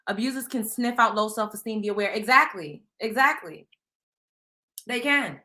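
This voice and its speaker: A woman's voice: medium pitch, moderate pace, sharp tone, slight background noise. A woman with a Southern US accent hosting a casual live stream, talking bluntly and emphatically in slang and speaking straight to her viewers. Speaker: host.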